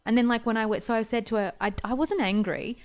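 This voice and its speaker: A woman's voice: on the high side, fairly even intonation, fast. A woman, a guest on a podcast, chatting animatedly and laughing easily. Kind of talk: casual podcast conversation.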